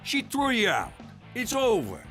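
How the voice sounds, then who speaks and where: A man's voice: extremely high pitch, wildly swooping pitch, measured pace, pushed and bright, faint music behind, full character voice. A man voicing a brash, crude cartoon uncle with a mobster's swagger.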